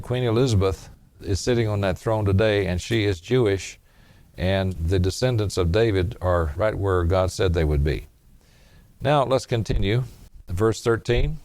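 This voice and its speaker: Male preacher, low voice, dry close sound, measured sermon that reads verses and explains them. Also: a little mellow, no room sound. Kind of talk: sermon with scripture reading.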